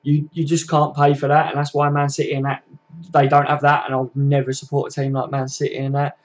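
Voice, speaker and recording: A man's voice: a little high, monotone, a little fast. A man, chatting casually and rambling on a live stream to his viewers. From England. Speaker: fan channel host.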